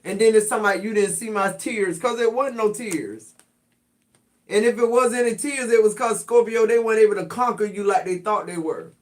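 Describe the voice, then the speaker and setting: High-voiced blunt streaming tarot reader. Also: male voice. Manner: blunt, profane, streetwise banter. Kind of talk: casual livestream tarot reading.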